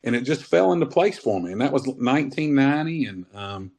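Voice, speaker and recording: Guy in his 50s rambling thru old wrestling stories, easygoing, middle pitch. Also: lively intonation, fairly quick, a little mellow. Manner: rambling, laid-back, says man often. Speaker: wrestler guest. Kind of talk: casual interview storytelling.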